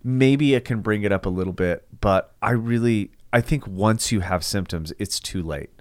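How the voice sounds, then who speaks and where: A man's voice: fairly low pitch, normal speed, darkish tone, dry recording, clean studio sound. A man co-hosting a podcast in casual chat, swearing freely and joking, sometimes acting out bits. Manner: profane, joking, acts out bits in quoted voices. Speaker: podcast co-host.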